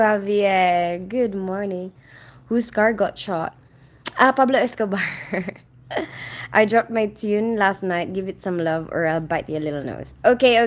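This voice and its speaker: Female livestream host: chatty and friendly, greets viewers by name, reads comments aloud, loose and unscripted. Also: medium pitch. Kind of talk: casual live chat, reading viewer comments aloud.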